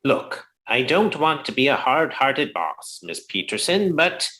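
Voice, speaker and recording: Woman as scolding male lawyer boss, radio comedy; low, deliberate, lively up and down. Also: exaggerated voice. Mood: exasperated. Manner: sarcastic, exasperated, scolding. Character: exasperated middle-aged male boss, a lawyer, gruff. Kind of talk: 1950s radio comedy recreation.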